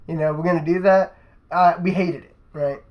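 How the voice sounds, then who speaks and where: A man's voice: on the high side, steady tone, normal speed, muffled recording. A young man, a podcast host, telling a rambling, profane story in casual chat and tacking "right?" onto his sentences.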